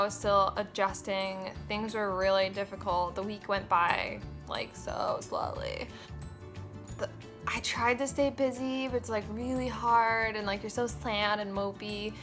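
A woman's voice: on the high side, fairly bright tone. Chatty young woman, casual vlog voice. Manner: chatty, with many fillers and quoted asides; candid and swears casually. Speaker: vlogger. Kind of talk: casual chat.

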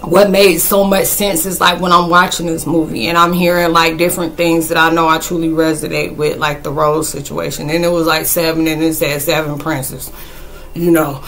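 Female vlogger, bright and forceful voice, rambling storyteller, slangy and excitable. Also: sits low, normal speed, a little hiss or hum. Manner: animated, rambling, with loud outbursts; slangy, folksy phrasing. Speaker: spiritual vlogger. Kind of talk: casual storytelling recap of a movie.

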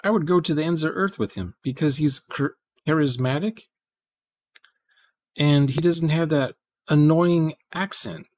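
A man's voice: a little high, measured pace, a little mellow. A man, casually chatting with viewers during a live programming stream, rambling and thinking aloud.

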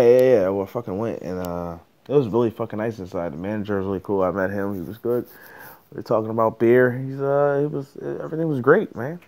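A man's voice: medium pitch, a little mellow. A man hosting a solo podcast, ranting casually in a profane, rambling, joking way. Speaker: podcast host.

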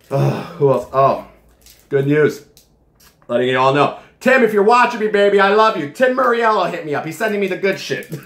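A man's voice: on the high side, reverberant. A man reviewing a supplement in a casual vlog from his home kitchen, joking and swearing as he rambles.

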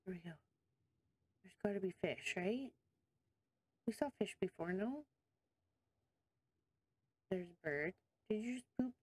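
A chatty woman narrating her own gameplay in a casual let's-play. She thinks aloud and talks to her viewers and the creatures on screen, getting easily excited. Her voice sits at a middle pitch and sounds dry and close. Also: a little slow, pauses often, slightly rough, no echo. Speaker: gaming video host.

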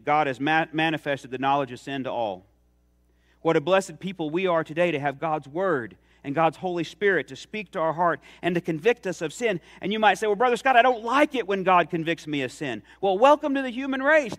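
A middle-aged man preaching a sermon in a church, telling stories with rising emphasis. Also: on the high side. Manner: earnest, storytelling with rising emphasis. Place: church sanctuary.

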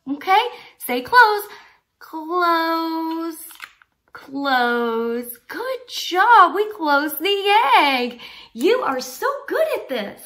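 Very slow, bright-voiced woman teaching toddlers. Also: very high voice, big pitch swings. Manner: exaggerated, encouraging, with frequent praise.

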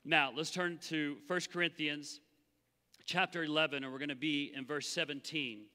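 Pastor, male, high and very bright voice, animated sermon, church hall reverb. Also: normal speed. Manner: animated, acts out the Bible voices. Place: church sanctuary.

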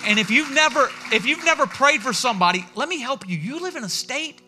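A man preaching a sermon as pastor in a church, telling stories in a lively way and acting out what people said. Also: very high voice, a little fast, music in the background. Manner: animated storytelling, acting out quotes.

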